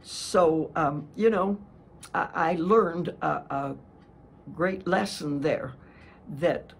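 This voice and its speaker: An older woman giving a sermon, telling a personal testimony in an earnest, slow storytelling way with frequent restarts. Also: deep voice, creaky, a little hiss or hum. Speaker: speaker giving a testimony talk.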